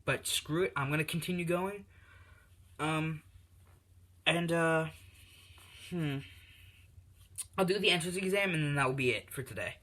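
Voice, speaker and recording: A man's voice: a little high, a little slow, pauses often, bright, forceful tone. A man telling an improvised fan story in a rambling way full of fillers, recorded on a tablet.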